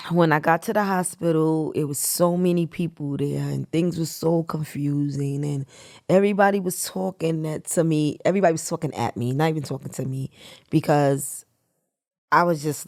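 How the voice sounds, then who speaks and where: A middle-aged woman, the host's mother, telling a painful personal story in a reflective, soft-spoken way. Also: low-pitched, vocal fry, no room sound, clean studio sound. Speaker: guest, mother of the host. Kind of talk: emotional personal recollection.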